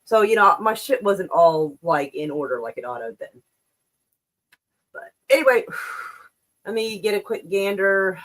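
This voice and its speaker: A slightly out-of-breath woman hosting a casual livestream, rambling and swearing as she reads and comments on the news. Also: low-pitched. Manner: rambling and profane, with many restarts.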